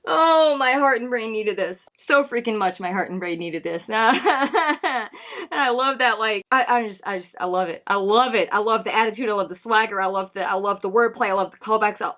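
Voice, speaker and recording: A woman's voice: mid-range voice, a little fast, hardly any pauses, a bit bright. An enthusiastic woman reacting to a rap track, chatting casually with a mid-range voice. She gushes, laughs often and repeats her phrases as she breaks the lyrics down. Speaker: music reaction host.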